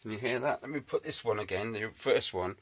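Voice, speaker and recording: A man's voice: fairly low pitch, brisk, a bit bright, a little hiss or hum. Chatty man in a workshop shed. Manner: chatty, jokey, self-mocking asides. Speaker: motorbike restoration vlogger. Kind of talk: casual workshop chat to camera.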